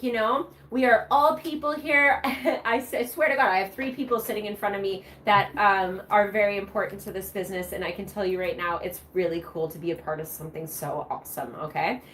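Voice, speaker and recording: A woman's voice: fairly high pitch, pushed and bright. A woman hosting a live shopping show, bubbly and chatty, cheering during the prize wheel spins. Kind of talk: upbeat live sales presentation.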